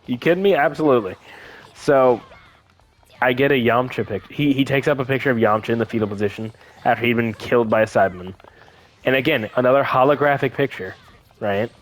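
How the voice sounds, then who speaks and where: With a medium-pitched voice and a brisk delivery, a young gaming co-host tells a story in casual conversation. He plays it up as an animated storyteller, voicing each quote.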